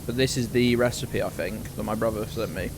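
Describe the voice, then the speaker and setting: A man's voice: fairly low pitch, brisk, noisy background. A man hosting a live game stream, joking and exclaiming as he reacts to chat. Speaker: streamer host.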